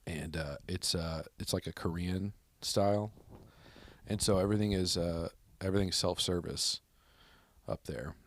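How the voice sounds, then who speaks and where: A man hosting a podcast, telling rambling anecdotes in casual chat with an American accent and bursts of loud high-pitched quoting. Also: normal speed. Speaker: podcast host.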